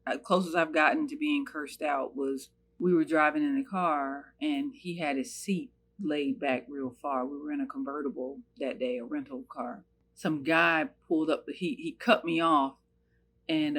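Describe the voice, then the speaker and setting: A woman's voice: sits low, fairly even intonation, a little slow, slightly rough. A woman from the United States telling a personal story in an earnest, searching way, with many fillers and restarts.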